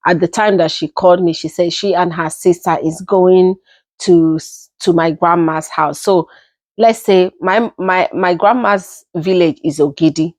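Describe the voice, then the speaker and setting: Slow, low-voiced Nigerian woman. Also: darkish tone, no room sound. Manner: unhurried, personal, repeats herself as she talks. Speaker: storytelling vlogger. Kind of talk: casual storytime.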